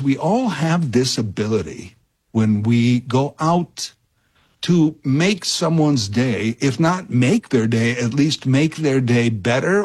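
A husky, slightly breathy middle-aged man, talking on the radio as a fill-in host. He meanders through an anecdote in a loose, chatty way, with "uh"s and false starts. His pitch sits in an ordinary middle range. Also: a little mellow. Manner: rambling, chatty storyteller with many fillers and restarts. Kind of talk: casual radio talk and anecdote.

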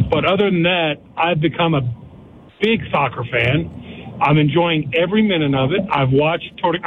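A man's voice: a little high, slight background noise. An older man calling in to a sports radio show, earnest and eager, repeating himself as he talks. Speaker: caller. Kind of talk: phone-in call. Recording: tinny phone line.

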